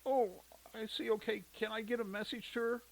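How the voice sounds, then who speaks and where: A man voicing a sick, stressed, quick-tempered mother in a storybook reading, harried and coughing. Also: high voice, fairly even intonation, vocal fry, voice pushed up, rough recording. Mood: on the phone.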